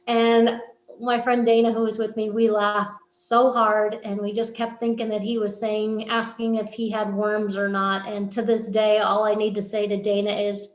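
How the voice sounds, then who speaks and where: A woman's voice: medium pitch, normal speed. A young woman, a student performer, telling a funny personal anecdote and acting out the quoted lines. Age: young adult. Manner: lively, acts out quoted lines in raised voice. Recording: roomy echo.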